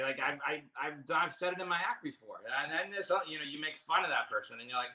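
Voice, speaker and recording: A comedian guest with a slightly high, sharp voice talks fast in a casual chat, telling rambling stories. He keeps interrupting and restarting himself and swears freely.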